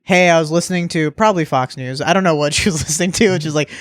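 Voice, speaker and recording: A man's voice: on the high side, quick pace, no echo, clean studio sound. A man in his thirties chatting casually on a podcast as a guest, telling loose stories and acting out what people said. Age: 30s. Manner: laid-back storytelling, swearing, acting out quotes. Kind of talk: casual chat.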